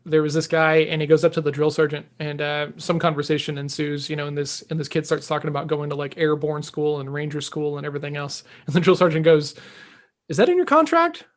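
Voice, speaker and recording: A man's voice: on the high side, fast, few pauses. A man co-hosting a sales podcast, telling stories and acting out what people said. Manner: animated, acts out quoted dialogue. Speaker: podcast co-host. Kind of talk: casual storytelling.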